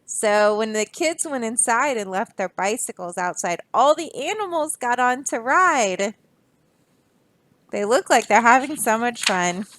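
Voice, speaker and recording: Expressive woman teacher reading aloud. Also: fairly high pitch, a little slow, no echo. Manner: expressive, storyteller with asides to children. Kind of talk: picture-book read-aloud for children.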